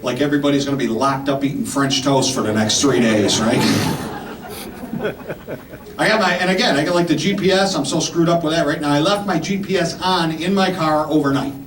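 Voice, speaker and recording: A man's voice: fairly high pitch, normal speed. Stand-up comic, man in his fifties, punchy rambling bits, recorded far off in a roomy club with audience noise. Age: 50s. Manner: punchy, rambling delivery with frequent "right?" and "man". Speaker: stand-up comedian. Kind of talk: stand-up comedy set. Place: comedy club stage. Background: audience laughter.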